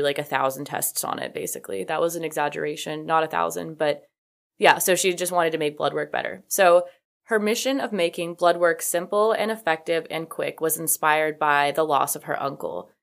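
A woman hosting a video, telling a story in a casual, chatty way with lots of "like" fillers, loose swearing and self-correcting asides. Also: low-pitched. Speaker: video host.

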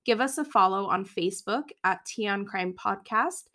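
A woman's voice: medium pitch, expressive, moderate pace, bright, forceful tone. A woman co-hosting a podcast who laughs along with her partner and reads the show's closing lines. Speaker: podcast co-host. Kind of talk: casual chat and scripted show outro.

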